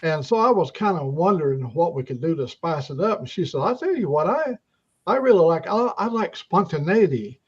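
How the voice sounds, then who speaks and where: Older high-voiced man on lo-fi audio. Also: sing-song, brisk, slightly rough. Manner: storytelling, folksy. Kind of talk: casual joke-telling chat.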